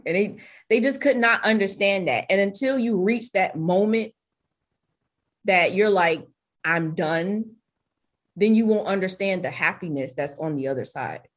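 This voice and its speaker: Animated woman telling her story. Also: a little slow. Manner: animated storyteller, acts out her own quotes in a higher voice. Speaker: guest, business coach and former hairstylist. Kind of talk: casual conversational interview.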